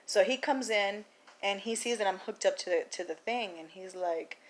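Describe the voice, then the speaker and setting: Woman vlogger, mid-range voice, lively anecdote told to camera, slips into other people's voices. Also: medium pitch, normal speed. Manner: animated, acts out the people in her story, laughs often. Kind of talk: casual storytelling to camera.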